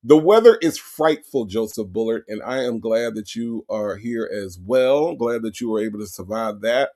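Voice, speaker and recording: A man's voice: lowish voice, lively intonation, normal speed, a little mellow, some chatter behind. A man hosting a casual livestream, reading out viewers' names from the chat and greeting each one with repeated hellos. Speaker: livestream host. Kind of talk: casual livestream shout-outs.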